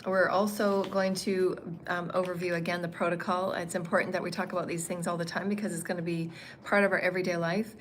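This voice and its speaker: A woman with a fairly low voice, giving a livestreamed spiritual teaching. She meanders and repeats herself, filling pauses with ums. A faint hum of noise sits behind her voice. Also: little pitch movement. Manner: meandering, repetitive phrasing with frequent ums.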